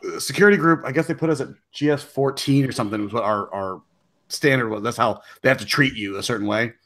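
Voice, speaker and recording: A man in casual chat, telling a story with many restarts and pauses. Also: medium pitch, fairly bright tone. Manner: rambling with many restarts and fillers. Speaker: podcast co-host.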